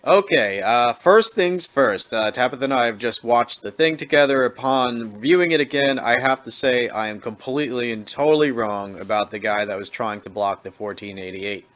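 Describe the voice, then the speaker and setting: A man's voice: medium pitch, moderate pace, few pauses, a bit bright. A man giving casual vlog commentary, chatty and sarcastic, correcting himself as he goes. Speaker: video blogger.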